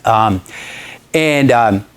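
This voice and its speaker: A man giving a talk to an audience, telling a story in a chatty, animated way and laughing often. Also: fairly low pitch, very slow, clean tone. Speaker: guest speaker.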